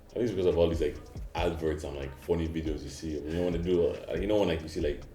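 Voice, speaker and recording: Fast-talking deep-voiced man. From Nigeria. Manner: animated storyteller, mimics other people's voices. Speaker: panel guest. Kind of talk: casual group discussion. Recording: echoey room, music underneath.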